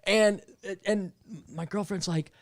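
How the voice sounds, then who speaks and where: A man chatting casually in a studio, telling animated stories and acting out quotes. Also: sits high, takes it slowly, no room sound. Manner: animated storyteller, acts out quotes. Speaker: guest. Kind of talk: casual chat.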